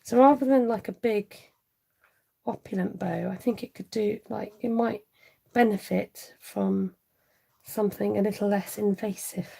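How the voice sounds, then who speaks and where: Middle-aged woman, chatty live craft demo host, mellow tone with gravelly edges. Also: mid-range voice, fairly even intonation, measured pace, rough recording. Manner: chatty, laughing, reads viewer comments aloud. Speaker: stamping craft demonstrator. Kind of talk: live-stream craft tutorial chat.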